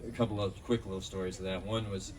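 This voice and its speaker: Speaking fast in a steady, slightly mellow low voice, this man rambles through anecdotes and fillers as he tells stories in a memorial tribute. It takes place outdoors in a park, captured by a distant mic with faint noise behind him.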